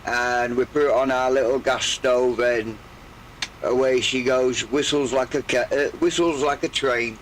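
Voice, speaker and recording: An older man with a slightly croaky voice, chatting in a rambling, hesitant way while streaming a farming game. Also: medium pitch, steady tone, noisy background. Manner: rambling, hesitant, full of pauses. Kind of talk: relaxed live gameplay chat.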